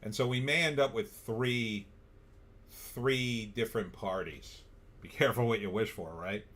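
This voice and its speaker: A middle-aged man hosts a political livestream in a blunt, sarcastic way, stopping now and then to read viewer comments aloud. His voice sits on the low side. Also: measured pace, a bit bright. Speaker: livestream host.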